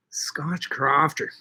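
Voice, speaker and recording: A middle-aged man hosts a loose livestream, talking to his viewers and reacting to their comments. His voice sits a little high for a man and rings bright and forceful. He jokes around and swears offhandedly. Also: husky. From Canada. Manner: chatty, joking, casually profane. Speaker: livestream host and market grower. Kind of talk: casual livestream chat answering viewer comments.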